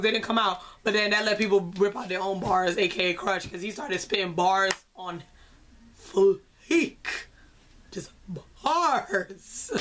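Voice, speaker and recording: A woman's voice: mid-range voice, slight background noise. Gushing young woman reviewing a concert. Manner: animated, gushing, slangy, laughs often. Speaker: vlogger. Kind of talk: casual concert review chat.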